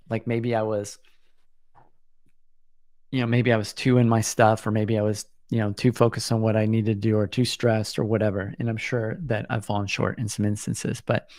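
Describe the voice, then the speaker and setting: A man's voice: fairly low pitch, darkish tone, dry recording, studio quality. A man in his forties hosting a solo podcast, talking in an earnest, reflective way and often restarting his sentences. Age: 40s. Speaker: podcast host.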